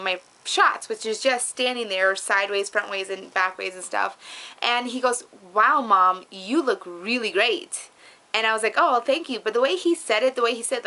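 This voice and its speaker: Bubbly, bright-voiced woman vlogger. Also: mid-range voice. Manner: bubbly and effusive, repeats words for emphasis. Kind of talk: casual upbeat weight-loss update vlog.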